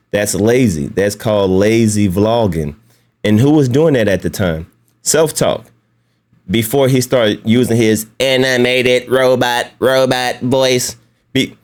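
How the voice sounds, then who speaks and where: A man's voice: on the low side, darkish tone. A man hosting a casual commentary video, talking bluntly and mockingly, often breaking into laughs. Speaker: YouTube commentary host.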